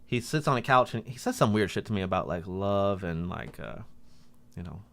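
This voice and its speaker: Animated male podcast storyteller. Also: moderate pace, gravelly. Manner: animated, acts out quotes in a high voice. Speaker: podcast co-host. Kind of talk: casual storytelling chat.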